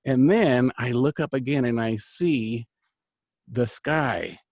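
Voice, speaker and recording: Speaking slowly in a mid-range, slightly mellow voice, this middle-aged host tells a long personal story in a casual, chatty way. He's an angel card reader and healer, and his earnest, rambling delivery is full of fillers and false starts. The recording is dry.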